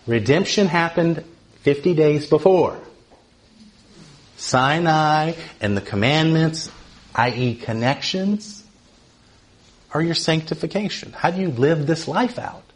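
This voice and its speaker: A man teaching from the Bible in an easy, talkative way. He keeps checking in with "right?" and his voice climbs when he drives a point home. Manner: animated, often asks "right?", rises in pitch for emphasis.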